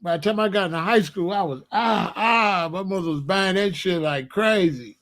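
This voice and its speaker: A man tells a story in a loose, chatty way, laughing as he goes. His voice sits fairly high for a man. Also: normal speed. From Alabama, US. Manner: animated, chatty, laughs often. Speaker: host. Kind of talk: casual storytelling.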